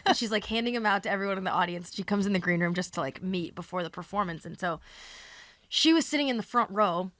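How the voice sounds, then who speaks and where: A woman comedian hosting a podcast, spinning a long, animated, profane anecdote in casual chat. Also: mid-range voice, quick pace, no echo.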